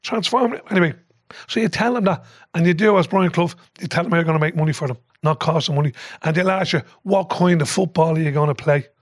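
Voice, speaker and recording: Guest: older Irish man, high-pitched and animated, sweary storyteller, dry close mic. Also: quick pace, no echo. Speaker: podcast guest, former football manager. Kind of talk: casual storytelling chat.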